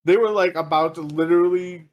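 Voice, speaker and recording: A man's voice: sits high, steady tone, a little fast, lo-fi sound. A man on a podcast telling a long story in a casual, profane, laughing way. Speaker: podcast co-host.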